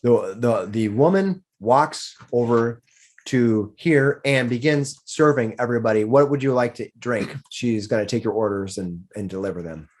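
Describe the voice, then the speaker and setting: A man's voice: medium pitch, normal speed, a little mellow. A man running a tabletop game as game master, describing scenes with frequent restarts.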